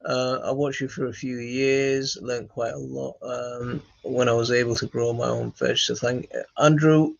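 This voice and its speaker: Gravelly man, halting chat. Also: medium pitch, flat delivery, no echo. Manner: halting, many fillers and restarts, friendly "mate". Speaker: gardening channel host reading live chat. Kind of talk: casual live-stream chat. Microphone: phone. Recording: dry, dull lo-fi phone audio.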